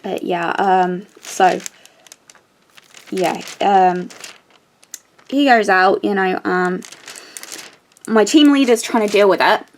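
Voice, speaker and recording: A woman's voice: mid-range voice, takes it slowly, pauses often, slight background noise. A young woman chatting casually while she crafts, telling a story with lots of fillers and restarts. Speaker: crafting vlogger.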